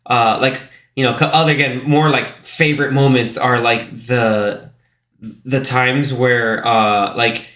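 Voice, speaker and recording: Male podcast co-host, casual and rambling, mid pitch, roomy recording. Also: steady tone, a little slow, fairly bright tone. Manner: rambling, many fillers, acts out movie quotes. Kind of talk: casual movie discussion. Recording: roomy echo.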